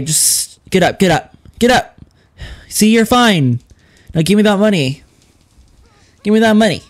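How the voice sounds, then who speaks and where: A man narrating his own gameplay for laughs, playful and over the top as he yells at game characters. His voice swoops up and down, and his speech is slow and drawn out. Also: on the high side, big pitch swings. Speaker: gaming YouTuber. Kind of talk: comedic let's-play commentary.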